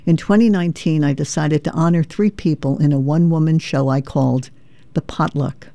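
A woman's voice: low-pitched, fairly even intonation, a little fast, gravelly, dark tone, no echo. A woman from New York, a memoir author and performer, earnest and reflective, reading from her memoir and chatting as a guest. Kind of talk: reading memoir, then casual interview chat.

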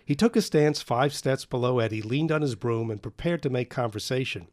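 A man's voice: medium pitch, a little fast, few pauses, a little mellow. A man reading a novel aloud in a dry, wry way. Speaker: narrator.

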